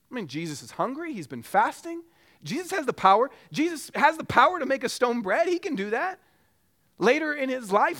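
A male pastor preaching a sermon in an animated, conversational way that climbs to emphatic peaks. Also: sits high.

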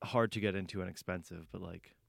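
A man's voice: deep voice, steady tone, fairly quick, vocal fry, noisy background. A young man chatting casually on a podcast, matter-of-fact and peppering his talk with "like". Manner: matter-of-fact, explains with lots of "like". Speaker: podcast co-host. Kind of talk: casual chat.

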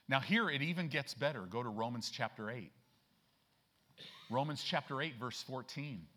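A man preaching a sermon as a church pastor, folksy and emphatic, often checking in with "right?" and slowing down and growing louder to stress scripture. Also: lively intonation. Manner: slows and rises in pitch and volume to stress scripture.

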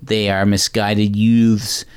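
A man hosting a casual movie podcast, rambling through plot recaps with quick asides. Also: lowish voice, level tone, clear, resonant tone. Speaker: podcast host.

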